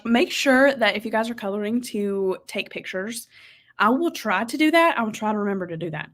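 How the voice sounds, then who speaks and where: A young woman hosting a casual livestream, reading viewer comments aloud and reacting brightly. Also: medium pitch, lively intonation, brisk. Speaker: livestream host.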